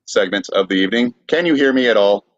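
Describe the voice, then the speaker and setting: A man hosting a podcast, asking questions in a steady, matter-of-fact way. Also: on the low side, fast, muffled recording. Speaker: podcast host.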